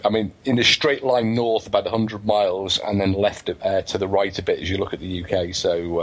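English male co-host, slightly low, husky voice, casual, full of pauses. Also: fairly even intonation, poor audio. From England. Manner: hesitant, lots of ums, explanatory. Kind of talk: casual chat.

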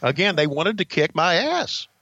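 Brief: older male host, bright forceful voice, blunt and profane storyteller, dull dry recording. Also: fairly high pitch, very animated, normal speed, slightly rough, no echo. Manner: blunt, profane, rambling with restarts. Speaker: podcast host recalling wrestling career. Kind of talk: casual storytelling.

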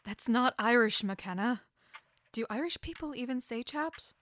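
A woman's voice: fairly high pitch, animated, a little slow, a bit bright, dry recording, clean studio sound. A woman voicing an earnest, cautious woman. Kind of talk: audio drama acting.

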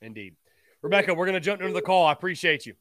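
A man's voice: high voice, animated, very fast, a bit bright, no echo, clean studio sound. A man hosting a call-in sports talk show, upbeat and fond of repeating phrases for emphasis. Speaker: sports radio show host.

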